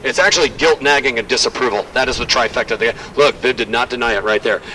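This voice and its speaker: A man leading a walking tour outdoors, telling stories in a lively, joking way. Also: mid-range voice, quick pace. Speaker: tour guide. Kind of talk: guided walking tour talk. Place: outdoors on a city street. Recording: distant outdoor mic, faint street noise.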